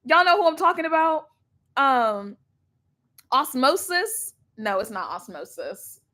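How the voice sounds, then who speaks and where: A young woman chats on a livestream, rambling, laughing and swearing casually. Her voice sits fairly high and swings widely. She talks at a slow, unhurried pace into a laptop mic. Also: sing-song, sharp tone. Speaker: livestream reaction host.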